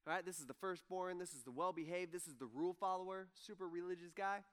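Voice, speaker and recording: A man's voice: sits high, quick pace, fairly bright tone, clean tone. A man preaching a sermon in a casual, conversational way, acting out the people he quotes. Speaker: pastor. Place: church hall with audience.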